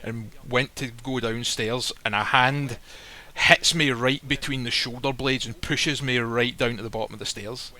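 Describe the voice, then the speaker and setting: A man's voice: medium pitch, fairly even intonation, unhurried, few pauses, pushed and bright. A man casually telling a personal story, blunt and swearing freely, acting out the lines people said. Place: live stream recording.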